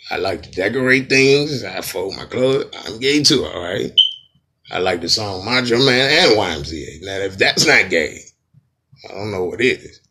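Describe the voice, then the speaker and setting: A man's voice: on the low side, lively intonation, normal speed, bright, forceful tone. A man doing a rambling, profane comedic rant as a podcast host.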